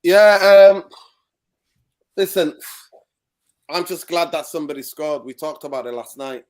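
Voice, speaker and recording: A man giving a casual football rant as a guest, animated and exasperated. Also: a little high, unhurried. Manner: ranting, animated. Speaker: guest pundit.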